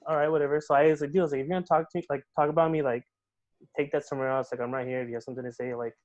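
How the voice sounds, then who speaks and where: Young guy, podcast guest, rapid and slightly high voice, lots of swearing and slang, dull lo-fi audio. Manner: animated, swears often, says "bro" and "dude". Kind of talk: casual storytelling.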